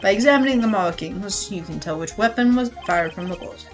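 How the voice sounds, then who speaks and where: A woman's voice: medium pitch, animated, fairly quick, faint music behind, voice pushed down, lightly acted. A woman voicing an earnest young male defense attorney who lays out evidence steadily.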